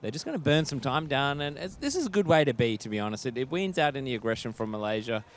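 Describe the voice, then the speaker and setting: A man casting an esports match, giving steady play-by-play commentary with frequent fillers. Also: mid-range voice, fast talker, slight background noise. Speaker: esports caster.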